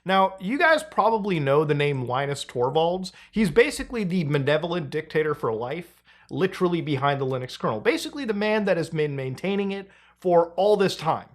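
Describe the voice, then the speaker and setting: A male host talking through online drama in a loose, casual commentary style. His pitch swings widely as he gets worked up, and he laughs and swears freely along the way. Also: lively intonation, fairly quick.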